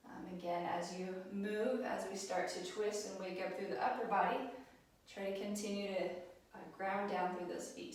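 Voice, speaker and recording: A woman leading a yoga class, speaking gently and encouragingly with frequent ums. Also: medium pitch. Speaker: yoga instructor. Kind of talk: guided yoga class instruction. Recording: roomy echo, mic set at a distance.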